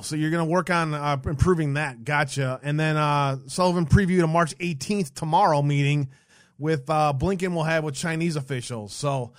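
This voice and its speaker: A man's voice: a little high, no echo, studio quality. A man co-hosting a casual political livestream, reading headlines aloud and mocking them with sarcastic, profane asides. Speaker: podcast co-host.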